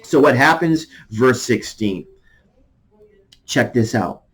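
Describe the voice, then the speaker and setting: A man in a mid-range voice gives a devotional message as an army chaplain. He talks in a loose, conversational way and reads scripture aloud. His voice sits at an ordinary pitch for a man. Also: lively intonation, slow pace, breathy edge, poor audio.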